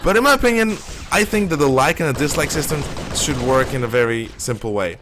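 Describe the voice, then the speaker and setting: A man's voice: mid-range voice, lively intonation, brisk, background noise. A man streaming a shooter game live, rambling and opinionated as he plays. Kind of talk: casual live gameplay commentary.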